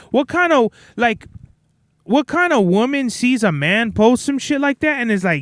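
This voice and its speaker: A young man hosting a podcast, telling stories in a blunt, profane, animated rant. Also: high-pitched, moderate pace, clean tone, no echo, studio quality. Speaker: podcast host. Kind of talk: casual ranting monologue.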